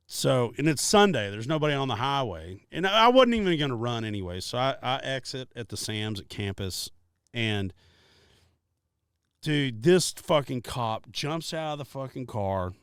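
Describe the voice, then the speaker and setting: A man's voice: mid-range voice, normal speed, clear, resonant tone, no room sound, clean studio sound. A man telling a story on a podcast, swearing freely and acting out what everyone said. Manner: profane, animated storyteller acting out quotes. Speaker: podcast co-host. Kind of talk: casual storytelling.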